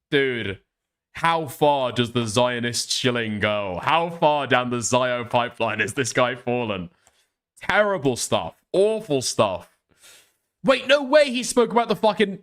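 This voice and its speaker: A man's voice: mid-range voice, a bit bright. A man streaming reaction commentary on clips, talking in a profane and incredulous way.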